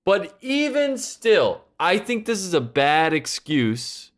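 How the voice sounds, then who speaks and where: A male podcast co-host in relaxed, casual talk. His voice is a little high and his pace is unhurried. He argues his points emphatically and sometimes mimics others. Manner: emphatic opinions with imitated quotes. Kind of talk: casual chat.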